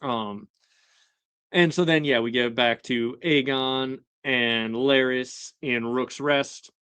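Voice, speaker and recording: A man hosting a casual episode recap chat, talking in a relaxed way with lots of fillers and chuckling asides. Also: medium pitch, slow pace, clean tone, no echo. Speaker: show host.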